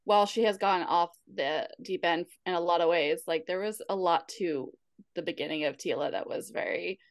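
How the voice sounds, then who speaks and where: A woman co-hosting a podcast, animated and giggly, swearing casually as she chats. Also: lowish voice, normal speed, dry recording, studio quality. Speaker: podcast co-host. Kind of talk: casual recap chat.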